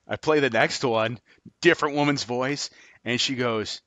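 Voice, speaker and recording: Animated man telling stories, dry close sound. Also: medium pitch, unhurried, dry recording. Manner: animated storyteller, laughs often, acts out dialogue. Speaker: guest, former FBI agent. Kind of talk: storytelling in a podcast interview.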